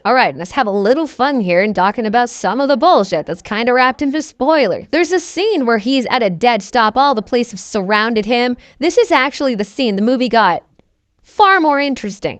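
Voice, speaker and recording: A woman's voice: a little high, dry recording. A woman giving a casual, sarcastic, profane movie review to camera, wandering off on tangents.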